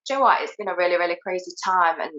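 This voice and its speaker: A woman's voice: lowish voice, very fast, a bit bright. Cheerful British woman in a roomy, dull recording. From United Kingdom. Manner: cheerful and giggly, with many fillers. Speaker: interview guest. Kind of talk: casual interview chat.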